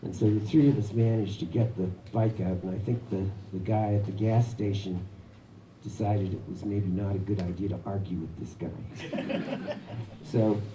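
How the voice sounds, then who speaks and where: A man with a fairly low voice tells a personal story to a live audience in a wry, chuckling manner. His voice rings around an echoey shop. Steady background noise runs beneath it. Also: normal speed, recorded from a distance. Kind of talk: live anecdote telling.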